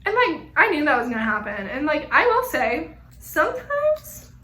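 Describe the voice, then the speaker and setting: A young woman with a high, bright voice chats frankly to her camera, rambling and peppering her talk with fillers. The small room gives her voice a noticeable echo. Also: sing-song, brisk. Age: young adult. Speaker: vlogger. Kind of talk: casual chat to camera. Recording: echoey room.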